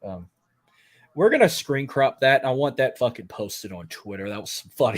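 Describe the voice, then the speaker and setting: A man's voice: medium pitch, sing-song, moderate pace. A man hosting a casual wrestling podcast who jokes, swears and rambles. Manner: joking, profane, rambling. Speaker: podcast host.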